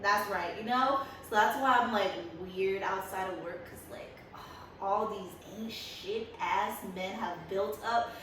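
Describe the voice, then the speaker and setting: A woman's voice: mid-range voice, slow pace, a bit bright, a little hiss or hum. A young woman co-hosting a podcast, chatting casually in a blunt, profane way and laughing often. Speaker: podcast co-host. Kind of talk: casual chat. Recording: echoey room, mic far off.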